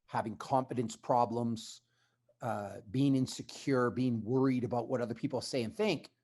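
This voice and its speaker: A man telling his story as a podcast guest, in a blunt, emphatic conversational way. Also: mid-range voice.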